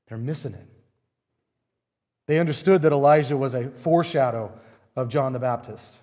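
A man preaches with a fairly high voice that rings out through a hall with long reverb. He talks animatedly, asking rhetorical questions and hammering his points with drama. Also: brisk, a little mellow. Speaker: pastor. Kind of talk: sermon.

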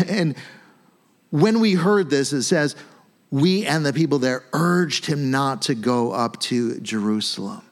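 A man, a pastor, giving a sermon in a conversational, animated way, often checking in with "right?". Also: mid-range voice, slow. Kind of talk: sermon teaching.

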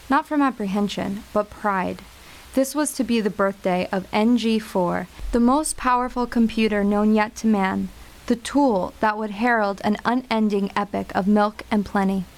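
A woman reading a scripted story in a measured, wry storytelling voice. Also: mid-range voice, gravelly. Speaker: narrator.

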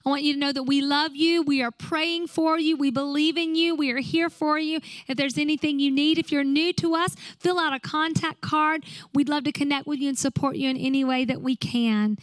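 A woman pastor preaches in a high, clear voice, pressing her listeners with earnest rhetorical questions. She moves from exhortation into heartfelt prayer. The sound is close and dry. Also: fairly even intonation, a little fast, few pauses, dry recording, low-quality recording. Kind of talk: sermon and closing prayer.

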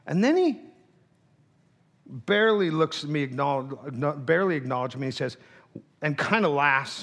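In his sermon, a male pastor shares a personal story, playing both sides of a quarrel, and then drops into a quiet, hushed voice at the heart of his message. He speaks animatedly at a normal speed, pausing often.

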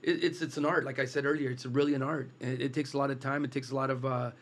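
A man's voice: medium pitch, level tone, fast. A man chatting casually about his taco business. He tells stories and keeps restarting his sentences, with a medium voice. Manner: storytelling, restarts often. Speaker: taco business owner guest. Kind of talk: casual chat.

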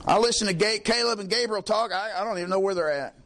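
A middle-aged man delivering a sermon with a notably high voice. He preaches emphatically, tossing out rhetorical questions and calls for response. Faint ambient noise sits under the voice. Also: fast talker, fairly bright tone.

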